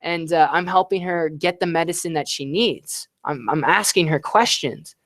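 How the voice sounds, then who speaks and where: Energetic man coaching on a live stream. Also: fairly high pitch, normal speed, no room sound, clean studio sound. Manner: energetic, repeats "right?" and "all right". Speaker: online business coach. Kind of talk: live-stream sales tips.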